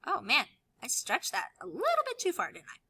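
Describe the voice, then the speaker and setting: A woman teacher walking children through a tutorial in a sing-song voice, now and then dropping to a soft whisper. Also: high-pitched, wildly swooping pitch, moderate pace, background noise. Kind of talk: screen-recorded classroom tutorial.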